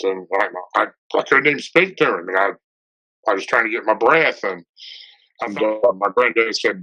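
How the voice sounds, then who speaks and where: A man's voice: fairly low pitch, normal speed, sharp tone. A middle-aged man with a Tennessee Southern accent, casually telling a story with lots of "and, uh" fillers. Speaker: guest telling an encounter story. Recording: dull lo-fi podcast audio.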